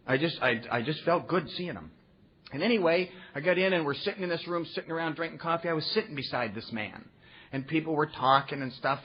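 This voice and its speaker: A man sharing his recovery story with a meeting audience, earnest and folksy, throwing in rhetorical "huh?" asides. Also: on the high side. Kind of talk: personal storytelling talk to an audience. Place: meeting room before an audience. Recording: muffled recording with faint background noise.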